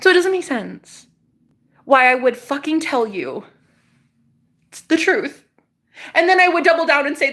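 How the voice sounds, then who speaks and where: A young woman on a casual livestream, talking back to her chat with biting sarcasm and frequent laughs. Her voice is bright and a little high, and she swears freely. She swings between loud jabs and quiet, dropped asides. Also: big pitch swings, a little fast, pauses often.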